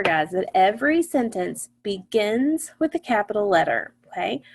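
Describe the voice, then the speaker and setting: Gravelly-voiced woman teaching phonics. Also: mid-range voice. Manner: patient, asks the class questions and answers them. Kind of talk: online phonics lesson.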